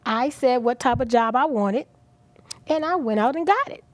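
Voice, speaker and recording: A middle-aged woman guest on a talk show, speaking earnestly and with feeling, at times dropping to a soft near-whisper. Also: high voice, moderate pace, no room sound. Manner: earnest, animated, drops to soft near-whispers at emotional moments. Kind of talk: inspirational talk show interview.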